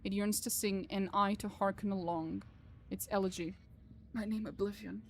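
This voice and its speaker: A woman's voice: mid-range voice, fairly even intonation, moderate pace, slight background noise, close to an everyday voice. A woman reading the lines of a mocking male alien harlequin, reciting rhyming verse, over faint game music. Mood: hushed. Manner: reads rhyming verse aloud.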